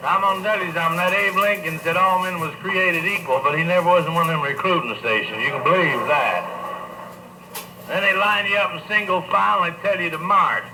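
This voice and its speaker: Middle-aged male stand-up, folksy and bawdy, slightly high voice, noisy live tape. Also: a little fast. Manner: folksy, bawdy storyteller talking to the crowd. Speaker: stand-up comedian. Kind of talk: live stand-up joke telling.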